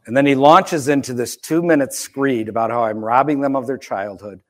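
Middle-aged pastor guy telling a story in a sermon, gravelly, dry wry asides. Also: mid-range voice.

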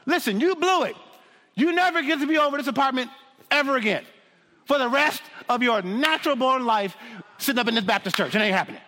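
A preacher mimicking a harsh, scolding churchgoer. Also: male voice, extremely high pitch, expressive, a little fast, pushed and bright, full character voice. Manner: scolding, mocking, dismissive. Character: harsh, unforgiving male church member.

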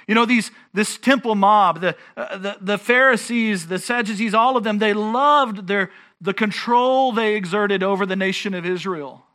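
A man's voice: sits high, normal speed, hardly any pauses, sharp tone. A man preaching a sermon as pastor, earnest and emphatic, often restarting his phrases.

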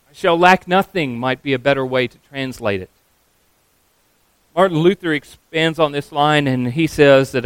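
A man preaching a sermon as a pastor, earnest and emphatic, slowing down on key phrases. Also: on the high side, clean tone, dry recording, low-quality recording.

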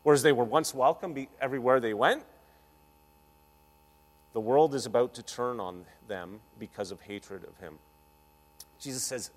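A man preaches with energy and a playful streak, pushing his voice loud and then dropping it low. His pitch sits mid-range for a man. A long reverb trails his words through a church hall. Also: moderate pace, long pauses. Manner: energetic, playful, varies loudness a lot. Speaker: pastor. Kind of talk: sermon.

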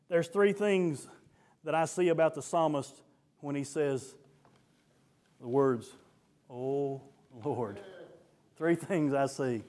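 A man preaching a sermon, building to fervent shouts and then dropping low again. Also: slow, pauses often.

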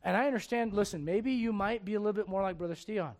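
A man in his forties preaching a sermon. He moves from loud urging to quiet confiding. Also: sits high, fast. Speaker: pastor.

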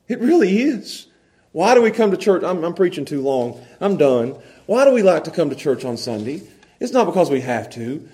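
A man preaching a folksy sermon to a small church congregation, swinging from hushed earnest passages to loud, excited storytelling. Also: high-pitched, normal speed. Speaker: pastor. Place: small church, evening service.

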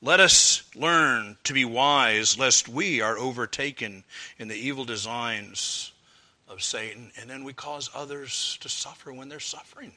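A man preaching a sermon earnestly, rising to fervent appeals and dropping low for quoted prayers. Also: a little slow, pushed and bright.

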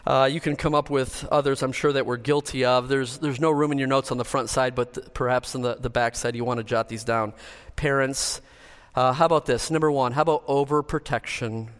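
A man preaching a sermon in a church, earnest and measured as he works through a numbered list. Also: mid-range voice, steady tone, fairly bright tone, in a large hall. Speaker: pastor.

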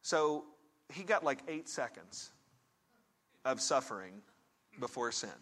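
A man delivers a sermon as a pastor and counselor, relating a story in a conversational tone and addressing questions straight to his listeners while alternating between soft and emphatic moments. His voice is medium-pitched, expressive, and slow-paced.

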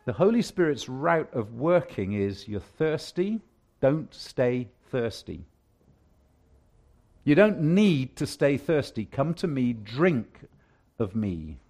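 A male preacher giving a sermon, with emphatic preaching that swings from hushed lines to loud declarations. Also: medium pitch, very animated, slow.

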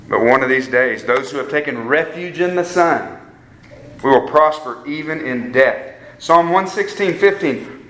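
A man's voice: medium pitch, a bit bright. A man preaching a sermon to a live group in an earnest way, repeating phrases for emphasis and calling his listeners guys. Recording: echoey room with faint ambience.

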